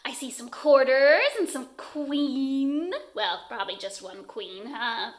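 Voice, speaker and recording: A woman's voice: sits high, takes it slowly. A woman teaching preschoolers who reads a picture book aloud in a playful, giggly way and keeps asking the children questions.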